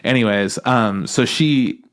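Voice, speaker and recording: A man co-hosting a podcast in casual chat, animated and laughing often as he retells scenes. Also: slow. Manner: animated, acts out characters in high voices, laughs often. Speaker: podcast co-host.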